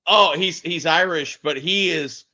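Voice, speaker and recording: A man telling stories in a casual group chat, often halting and restarting, with a muffled lo-fi sound. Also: a little high, sharp tone. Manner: storytelling, halting restarts, laughs. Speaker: host.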